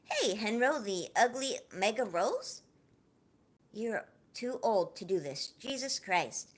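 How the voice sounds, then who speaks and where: A woman's voice: medium pitch, slow. A woman hosting a casual livestream, talking earnestly and personally to her viewers, then chatting and laughing with the chat. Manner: heartfelt, confiding, warm toward viewers; lively, laughing, joking with chat. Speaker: livestream host.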